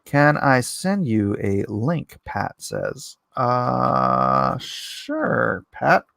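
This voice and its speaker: Slow, gravelly man hosting a livestream. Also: mid-range voice, very animated, a bit bright, no echo, studio quality. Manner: reads viewer comments aloud and chats back; rambling, self-deprecating. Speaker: livestream host. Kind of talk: casual livestream chat.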